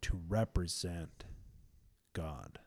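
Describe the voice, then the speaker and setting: A man's voice: low-pitched, expressive, drawn-out words, creaky, darkish tone, breathy edge. A young man in a casual faith conversation, earnest and emphatic, often repeating words as he builds a point.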